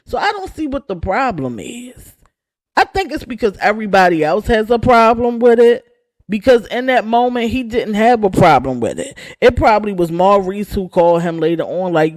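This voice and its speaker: A woman's voice: mid-range voice, expressive, moderate pace. A woman hosting a gossip channel who rants in a sassy, sarcastic way. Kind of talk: casual gossip rant.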